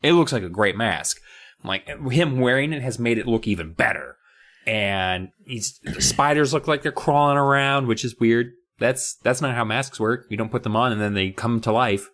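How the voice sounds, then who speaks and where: A man's voice: medium pitch, moderate pace, a bit bright. Chatty man recapping a spooky book. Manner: chatty, swearing, joking. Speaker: podcast co-host.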